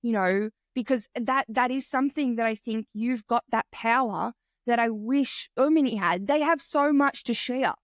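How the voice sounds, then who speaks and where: A woman's voice: on the high side, normal speed, no echo, clean studio sound. A woman hosting a podcast interview, enthusiastic and casual, swearing freely and acting out quotes. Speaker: podcast host.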